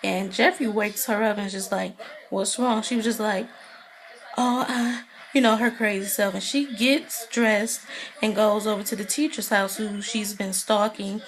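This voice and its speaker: A woman's voice: mid-range voice, normal speed. Chatty woman recapping a TV episode. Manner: chatty and animated, acts out characters' lines. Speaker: TV recap vlogger.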